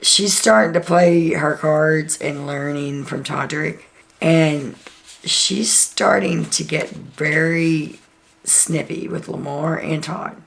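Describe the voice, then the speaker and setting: A woman's voice: sits low, slow, creaky. A woman host chatting through a casual, gossipy recap of a reality show, full of "like" and "um".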